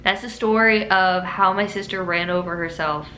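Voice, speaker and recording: Bright-voiced young woman telling a story. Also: mid-range voice, moderate pace. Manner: chatty and animated, with frequent laughs and filler words. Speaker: vlogger. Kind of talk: casual story-time monologue. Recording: roomy room echo with faint hiss.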